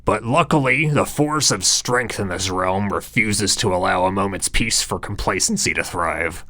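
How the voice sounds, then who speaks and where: A man's voice: sits low, moderate pace, sharp tone, no echo, studio quality. A man narrating a comedic story in a grandiose, mock-heroic, theatrical way. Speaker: audiobook narrator and author.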